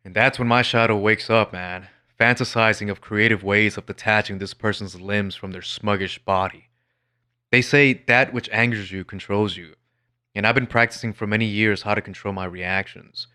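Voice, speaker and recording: A man's voice: lowish voice, fairly even intonation, normal speed, sharp tone. A man narrating his own story in a wry, blunt, sardonic scripted voice.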